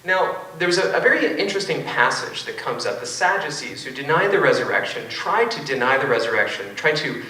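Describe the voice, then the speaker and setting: A man with a bright, forceful voice gives a lecture-style debate talk, wry and full of joking asides. He is picked up from a distance in a big auditorium, and his words ring with heavy echo. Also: medium pitch, animated, a little fast, hardly any pauses. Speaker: philosophy professor. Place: large auditorium. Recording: echoey auditorium from far off.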